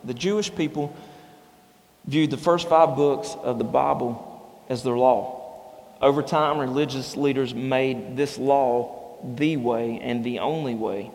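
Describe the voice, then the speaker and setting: A man's voice: mid-range voice, takes it slowly, darkish tone. A man delivering a sermon in a conversational, storytelling way, his voice sitting in the middle range. The sound carries a long reverb, as if from a large church hall. He moves easily between scripture and homespun anecdotes. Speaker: pastor.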